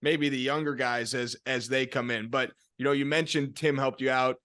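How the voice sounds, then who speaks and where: A man hosting a podcast who asks long, measured, rambling interview questions. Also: mid-range voice, steady tone, a bit bright, no room sound. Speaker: podcast host.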